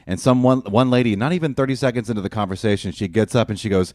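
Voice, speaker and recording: Radio show regular, male, low voice, quick rambling storyteller. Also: darkish tone, no room sound, studio quality. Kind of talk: casual chat.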